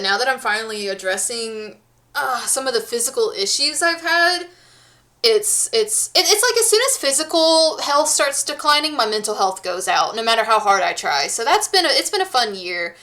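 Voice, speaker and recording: Woman, 30s, streamer, casual chat, rambling, lots of fillers, slightly high voice, bright tone. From United States. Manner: rambling, many restarts and fillers.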